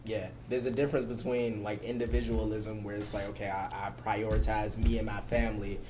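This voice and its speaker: A man joining a casual podcast chat, speaking in a calm, measured way. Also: fairly low pitch, a crowd in the background. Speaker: podcast guest.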